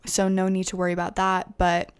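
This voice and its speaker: A woman's voice: on the low side, monotone, brisk, clean tone. A young woman hosting her own podcast, telling a personal story in a casual, rambling way, with lots of "like" fillers and nervous laughs. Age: young adult. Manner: chatty, full of "like" fillers, self-conscious laughs. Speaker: podcast host.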